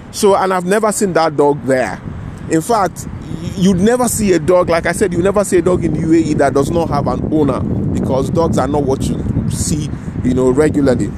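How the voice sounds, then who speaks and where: A man with a slightly higher voice tells a personal story outdoors in a city. He rambles and restarts his sentences, checking in with "you know" and "right?", while faint traffic hums behind him. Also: warm tone. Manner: restarts and self-corrections mid-sentence. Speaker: vlogger telling a personal story. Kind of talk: casual spoken storytelling.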